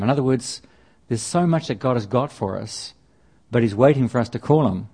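Speaking at a normal speed with few pauses, a man with a mellow, mid-range voice and a hint of breathiness preaches a sermon. He talks conversationally through the scripture he reads, often starting over and repeating himself.

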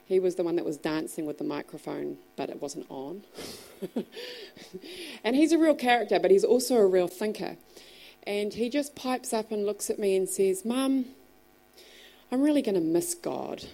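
A woman telling a church congregation an animated story about her young son, laughing as she goes. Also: mid-range voice, moderate pace. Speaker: mother sharing a story in church. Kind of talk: storytelling testimony.

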